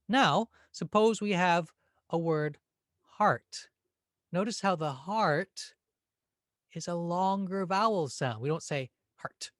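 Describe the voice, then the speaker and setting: A man with a fairly high, very lively voice teaches English pronunciation gently and patiently. He sounds words out and stretches them to show the stress. The sound is dry and close, with almost no room in it. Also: dry recording. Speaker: grammar teacher. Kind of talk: spoken English lesson.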